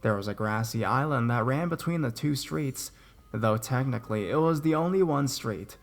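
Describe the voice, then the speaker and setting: A young man narrating scary stories in a steady reading voice that rises at the shocking parts. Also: medium pitch, normal speed, vocal fry. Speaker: horror story narrator. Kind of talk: scripted horror story narration.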